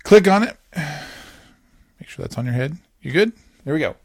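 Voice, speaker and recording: Recorded with no room sound, a man with a fairly high, creaky voice hosts a podcast, lively recounting a cartoon episode for his kid. He laughs a lot and swings his voice swiftly to play the characters he quotes.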